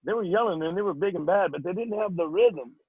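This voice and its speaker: Older man, comedian guest, jokey storyteller, high voice for a man, phone-like sound. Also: animated, fast, husky, dry recording. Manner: jokey, breaks into put-on voices. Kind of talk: storytelling in a casual interview. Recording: tinny phone-like line.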